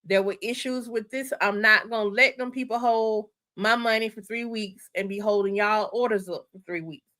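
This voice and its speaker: A woman hosting a casual livestream, walking viewers through her online store in a chatty, excited way and repeating her instructions. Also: mid-range voice, moderate pace, hardly any pauses. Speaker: channel host.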